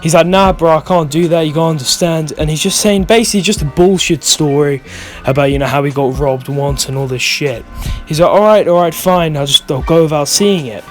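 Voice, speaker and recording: A young British vlogger, stoned, rambles through a storytime full of swearing and keeps losing his thread. His voice sits on the high side and moves briskly, with faint music in the background.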